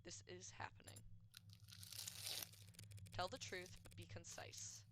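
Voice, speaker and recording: A woman's voice: fairly low pitch, flat delivery, takes it slowly, noisy background. A woman voicing a stern female defense lawyer giving her client firm instructions.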